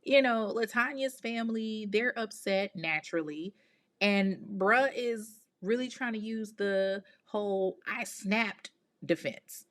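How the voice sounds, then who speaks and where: A podcast host with a mid-range voice tells a true-crime story slowly, in a casual, animated way. She drops outspoken, exasperated asides full of slang.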